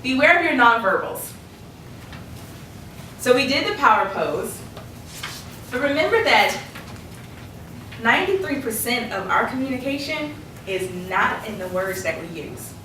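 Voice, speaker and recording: A woman coaching a workshop audience on public speaking, lively and laughing often as she acts out quotes. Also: on the high side, unhurried, long pauses, far from the mic, slight background noise. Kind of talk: workshop presentation. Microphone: distant room mic. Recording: echoey room recorded from afar.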